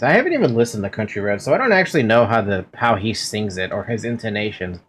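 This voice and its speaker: A man's voice: lowish voice, very animated, fast, few pauses, slight background noise. A young man streaming a game from home, chatting casually with playful, giggly, melodramatic complaints.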